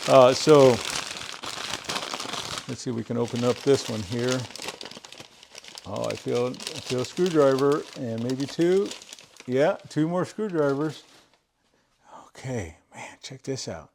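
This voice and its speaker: A man chatting to the camera while he opens viewer mail of old tools. He is effusive, repeats his praise and fills pauses with "uh" as he thinks aloud in his garage. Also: medium pitch, vocal fry, a little mellow, a little hiss or hum. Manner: thinks aloud with many fillers. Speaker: tool collector opening viewer mail. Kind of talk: casual unboxing chat to camera. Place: home garage.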